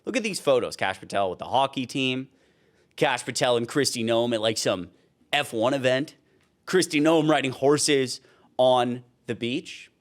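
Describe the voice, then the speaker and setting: A man's voice: medium pitch, moderate pace. A young man giving heated, casual political commentary, worked up and ranting.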